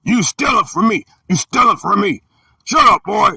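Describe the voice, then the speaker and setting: A man's voice: on the high side, normal speed, vocal fry, bright, forceful tone, breathy edge, no echo, full character voice. A man voicing a greedy, mocking grown man who taunts and keeps repeating himself. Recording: dry and distant from the mic.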